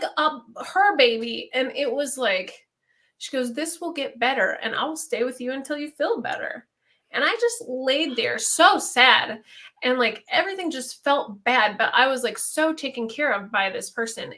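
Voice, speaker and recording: A woman in her thirties sharing a personal story on a casual live stream. Her voice is bright and pitched a touch high, and she talks openly and loosely, full of "like". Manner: candid, storytelling with lots of "like". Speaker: co-host. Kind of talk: casual chat.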